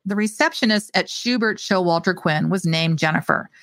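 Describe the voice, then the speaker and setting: A woman author reading her own mystery short story aloud with expressive delivery. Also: fairly low pitch, normal speed, no echo.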